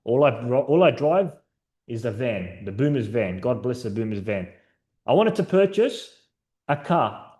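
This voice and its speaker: A man's voice: medium pitch, big pitch swings, unhurried, mellow. A man presenting a sales training session to his team over a video call, upbeat and encouraging, telling stories. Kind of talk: live online training session.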